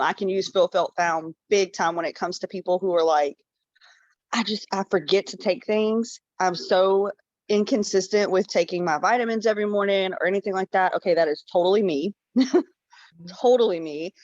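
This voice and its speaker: A woman team member explaining a sales idea on a video call, in a relaxed, conversational way. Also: on the low side, no echo. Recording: dull, dry video call audio.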